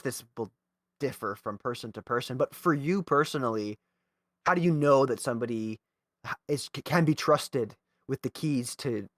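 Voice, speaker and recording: Easygoing podcast host, dry sound. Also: male voice, medium pitch, a bit bright, no room sound. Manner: friendly, easygoing, laughs often, restarts his questions. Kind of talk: casual podcast interview.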